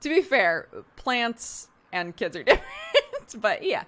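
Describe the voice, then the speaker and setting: A woman's voice: fairly high pitch, sing-song, slow pace, fairly bright tone. A woman hosting a live stream, chatting casually and frankly, often laughing and swearing now and then. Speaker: streamer and host. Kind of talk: casual chat.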